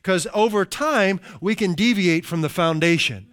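Middle-aged man, pastor, sermon, emphatic slow phrasing, chatty asides, high voice, dry close sound. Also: a bit bright, clear, resonant tone, no echo. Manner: slows down for emphasis, conversational asides.

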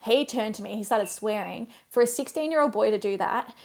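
Gravelly-voiced Australian woman telling stories. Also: on the high side, fairly quick, a little mellow. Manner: chatty, laughs while telling stories. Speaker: physiotherapist guest. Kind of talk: casual podcast chat.

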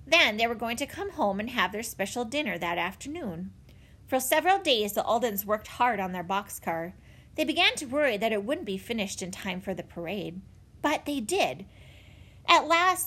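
Woman narrator, children's audiobook, lively intonation, expressive. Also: fairly high pitch.

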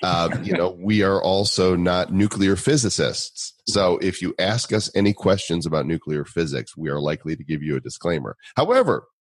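Deep husky podcast co-host. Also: male voice, expressive, normal speed, few pauses, dry recording. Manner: joking, self-deprecating. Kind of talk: casual podcast chat.

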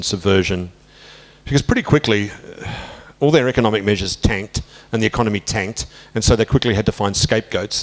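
An Australian man in his sixties, an author interviewed about his book, talking through history in an animated way and jumping up in pitch when he quotes people. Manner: animated, lifts pitch sharply when quoting others. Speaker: author guest. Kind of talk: conversational interview, storytelling.

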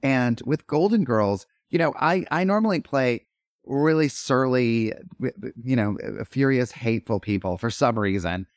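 A middle-aged man, an actor and podcast guest, telling stories in animated, rambling chat full of fillers and restarts. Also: medium pitch, measured pace, no echo, clean studio sound. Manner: animated, lots of fillers and self-interruptions. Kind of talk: casual storytelling chat.

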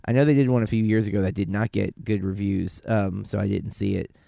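Gravelly low-voiced man chatting casually. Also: fairly even intonation, fairly quick, dark tone, no room sound, clean studio sound. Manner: rambling, self-correcting, filler-heavy. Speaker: podcast co-host. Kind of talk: casual film discussion.

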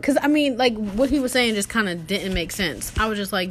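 A young woman rattles off a personal story to her viewers fast and with few pauses, casual and animated, packed with fillers. She dips into a lower register when quoting people, over a slight hiss or hum.

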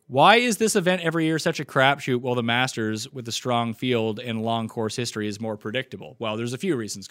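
A man's voice: mid-range voice, fairly bright tone. A man from Nova Scotia hosting a live stream, talking in a blunt, joking, rambling way. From Nova Scotia, Canada. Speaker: host. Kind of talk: casual live-stream chat.

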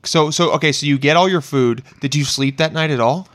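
A man's voice: a little high, a little fast, fairly bright tone. A man hosting a podcast, chatting casually with his guest, laughing along and swearing now and then. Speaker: podcast host. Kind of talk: casual interview chat.

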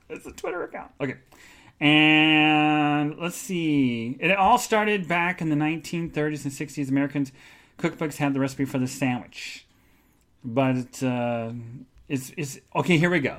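A man hosting a live online show, telling a rambling personal story in a casual chatty way with many fillers and asides. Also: medium pitch. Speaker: podcast host.

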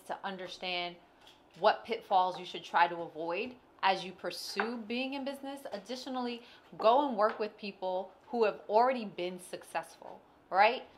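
Female podcast co-host, measured advice-giver, faint background noise. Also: mid-range voice. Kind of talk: casual chat, summing up.

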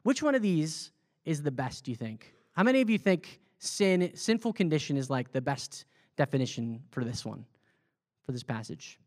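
A man's voice: a little high, sing-song, moderate pace, a little mellow. A man, a pastor, teaching a Bible study in a conversational way, asking the group questions and repeating their answers back. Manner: loose, with fillers and restarts. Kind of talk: interactive sermon teaching.

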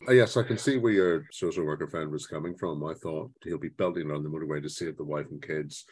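A man co-hosting a podcast, giving his opinions on films in a measured way with hesitant restarts. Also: very deep voice, darkish tone, breathy edge, dry recording. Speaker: podcast co-host. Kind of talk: casual film discussion.

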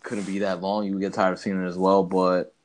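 A man's voice: deep voice, level tone, brisk, a little mellow. A man in casual chat about films, talking in a laid-back, rambling, slangy way.

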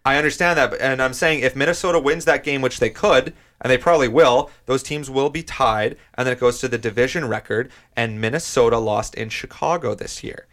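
A man hosting a casual sports debate, pushing back on his co-hosts and walking them through the standings one game at a time. He speaks at an ordinary pitch. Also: fairly quick, hardly any pauses, fairly bright tone. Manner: argumentative, lays out standings step by step. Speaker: sports podcast host.

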